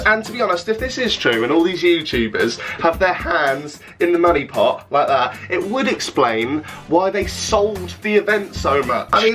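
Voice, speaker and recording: A young Englishman rants to camera, blunt, sarcastic and full of swearing. His voice sits fairly high for a man. Faint music plays softly behind him. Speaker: YouTuber. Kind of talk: ranting vlog.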